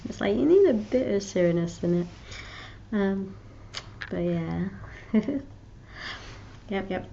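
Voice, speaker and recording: A woman's voice: mid-range voice, lively intonation, takes it slowly, gravelly, dark tone, muffled recording, slight background noise. A woman vlogger chatting casually to her viewers, rambling and restarting her sentences with frequent giggles. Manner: rambling, giggly, self-interrupting. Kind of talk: casual chat to camera.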